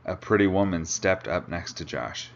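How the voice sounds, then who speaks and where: Low-voiced man reading a novel aloud. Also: expressive, moderate pace, gravelly, a little hiss or hum. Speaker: reader. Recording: dull lo-fi recording.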